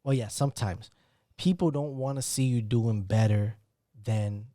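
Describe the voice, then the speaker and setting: A man's voice: mid-range voice, unhurried, dry recording, clean studio sound. A man co-hosting a podcast, musing in casual chat about people and happiness. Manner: reflective, preachy, lively intonation.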